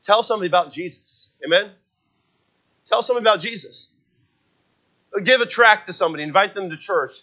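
A high-pitched man delivers a sermon at a fairly quick clip, pausing often, captured on a rough recording. His preaching is forceful, full of scripture quotations, with loudness that rises and falls.

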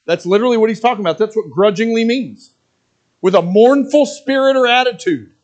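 A man's voice: sits high, a little fast. A middle-aged male pastor preaching a sermon, earnest and plain, who slips into mocking asides as he quotes reluctant givers.

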